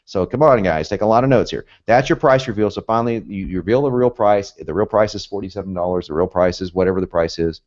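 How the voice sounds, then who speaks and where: A man's voice: low-pitched, fast talker, hardly any pauses, a little mellow, dull audio. A man with a Southern US accent with some Northern traces, teaching a copywriting course in an emphatic, pumped-up way, full of repetition and asides. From United States, both North and South. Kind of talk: energetic teaching talk.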